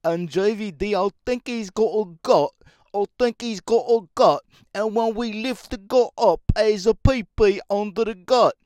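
A man's voice: sits high, unhurried, darkish tone, dry recording, clean studio sound, pitched above the performer's own voice. A man putting on a mocking impression of a rambling Australian man, with a put-on Australian accent and crude, repetitive talk.

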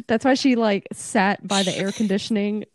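A woman's voice: mid-range voice, normal speed, no room sound. A young woman in her twenties co-hosting a podcast, telling stories playfully with frequent laughter. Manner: playful, laughing, teasing storyteller. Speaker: podcast co-host. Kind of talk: casual chat.

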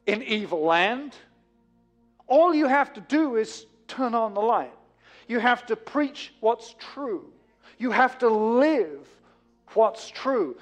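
A man preaching a sermon in a notably high voice, his clear as he builds to emphatic peaks and then sinks low and quiet. Faint music plays softly behind him. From England. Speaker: pastor.

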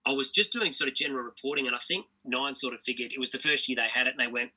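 Aussie commentator guy on an interview, keen and rambling, really bright sharp tone with a husky edge. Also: mid-range voice, rough recording. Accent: Australian. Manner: enthusiastic, fast storytelling with repeated restarts. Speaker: tennis commentator guest. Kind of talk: casual interview chat.

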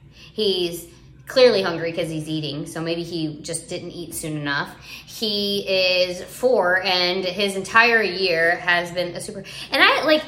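A woman's voice: fairly low pitch, bright, forceful tone. A woman in her thirties, a parent, talking in a casual, chatty way with lots of "like" fillers. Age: 30s. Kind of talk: casual chat. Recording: roomy echo.

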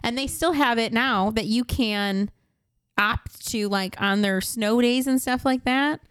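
A woman's voice: fairly high pitch, a little slow, smooth, no echo, clean studio sound. A woman in her thirties co-hosting a podcast, telling stories animatedly and laughing often. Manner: animated storytelling, mimics voices, laughs often. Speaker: podcast co-host. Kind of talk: casual chat.

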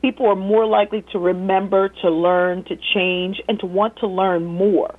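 A woman, a former teacher, telling stories in a lively casual way as an interview guest, laughing often. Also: medium pitch, normal speed. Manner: animated, laughing storyteller who mimics voices. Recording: tinny phone line.

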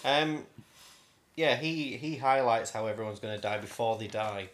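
Male co-host, chatty, quick to giggle. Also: medium pitch, level tone, fairly bright tone, reverberant, slight background noise. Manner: chatty, giggly, talks through his notes. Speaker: podcast co-host. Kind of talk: casual film podcast chat.

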